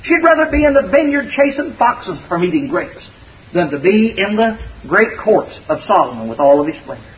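A man's voice: high-pitched, very animated, normal speed, slight background noise. A man preaching a sermon in a folksy, conversational and earnest way. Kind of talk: expository sermon. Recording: dull distant recording.

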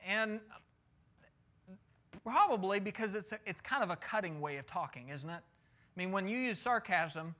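A man's voice: high voice, animated, moderate pace, long pauses, bright, forceful tone. A middle-aged man preaching a sermon in a conversational way, often asking his listeners rhetorical questions. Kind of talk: sermon, Bible teaching.

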